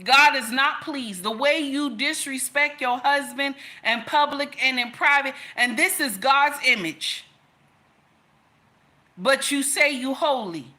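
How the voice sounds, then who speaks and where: A woman's voice: high voice, slow pace, sharp tone. A woman speaking straight to her audience in an impassioned rant, scolding and repeating herself for emphasis. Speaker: commentator. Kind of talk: impassioned direct-to-camera rant.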